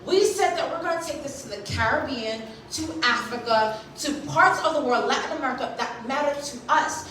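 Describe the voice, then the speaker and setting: A woman's voice: sits high, brisk, hardly any pauses, fairly bright tone, a little hiss or hum. A Haitian-born woman in her thirties giving a motivational keynote at a conference. She speaks emphatically and keeps checking in with the audience. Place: large conference hall. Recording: echoey hall, recorded from a distance.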